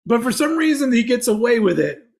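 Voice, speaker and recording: A man's voice: very high voice, very animated, a little fast, vocal fry. A man co-hosting a podcast in casual chat, rambling, trailing off and making self-mocking jokes. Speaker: podcast co-host.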